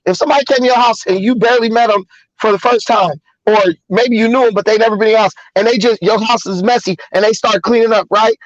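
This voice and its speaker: A man hosting a casual commentary chat show, his voice sitting unusually high. He talks animatedly, repeats himself as he builds a point, and slips into the voices of the people he quotes. The sound is dry and muffled, like a lo-fi call. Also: fairly even intonation, fast talker, no echo. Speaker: show host.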